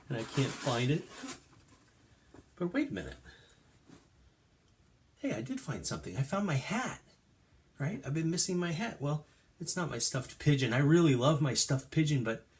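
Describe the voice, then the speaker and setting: A middle-aged man teaching kindergarten, reading a storybook aloud in an animated, sing-song way. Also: mid-range voice. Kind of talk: storytime lesson for young children.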